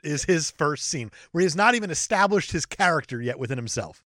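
A man's voice: on the high side, lively intonation, fairly quick, fairly bright tone, no room sound, studio quality. A man co-hosting a podcast, chatting jokily about a film and saying "like" a lot. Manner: jokey, says "like" a lot. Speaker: podcast co-host. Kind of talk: casual chat about a film.

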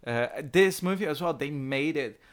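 A man's voice: fairly high pitch, lively intonation, normal speed, smooth. A young man co-hosting a film podcast, talking casually with many hesitations. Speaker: podcast co-host.

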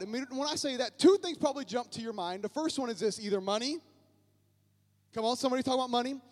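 A male pastor preaching a lively sermon to his church, often calling out to the congregation. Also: extremely high pitch. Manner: energetic, calls on the congregation often. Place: church sanctuary.

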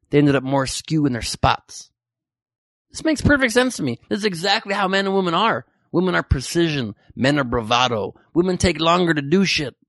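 A man's voice: on the high side, vocal fry, a bit bright, no room sound, clean studio sound. A man hosting a podcast, riffing sarcastically and profanely on news headlines. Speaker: podcast host. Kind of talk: comedic news commentary.

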